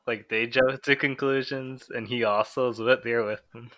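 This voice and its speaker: A man's voice: medium pitch, fairly even intonation, moderate pace, a bit bright, no room sound. A man co-hosting a casual manga chat, laid-back and given to short remarks. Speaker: podcast co-host.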